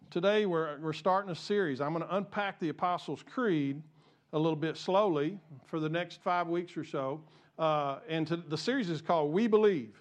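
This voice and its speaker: A man's voice: a little high, normal speed. A pastor preaching a sermon to his congregation, impassioned and repeating himself as he gets fired up. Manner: repeats and restarts phrases. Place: church sanctuary.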